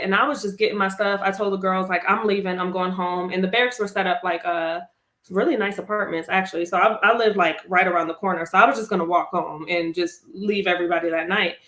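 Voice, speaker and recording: A woman in a mid-pitched voice tells her own story as an interview guest, candid and expressive, acting out her own past words. The room around her is roomy and echoey. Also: fairly quick. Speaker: interview guest, army veteran.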